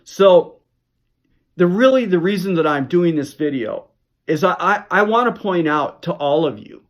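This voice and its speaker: A man's voice: fairly high pitch, a bit bright. Man telling a story to camera. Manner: rambling anecdote with frequent restarts. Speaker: health vlogger. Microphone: camera mic.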